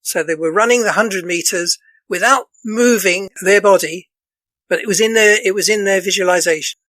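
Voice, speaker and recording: A man with a voice going hoarse, a dance counsellor explaining things earnestly as a podcast guest, looping back and restarting his phrases as he talks. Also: sits high, normal speed, bright, forceful tone, no room sound, poor audio. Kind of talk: casual podcast interview.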